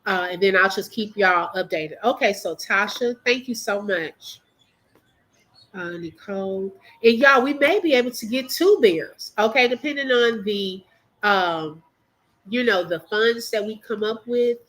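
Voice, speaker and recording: A woman's voice: mid-range voice, expressive, measured pace, a bit bright, low-quality recording. A middle-aged woman hosting a casual livestream, emotional as she talks straight to her viewers and reads their comments aloud. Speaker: livestream host.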